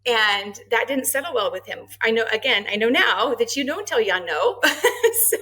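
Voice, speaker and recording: A middle-aged woman, a guest on a podcast, telling her story in a casual interview, lively and quick to laugh, acting out the dialogue she quotes. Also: a little high, low-quality recording. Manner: animated, acts out quoted dialogue, laughs often. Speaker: marketing and HR head, podcast guest.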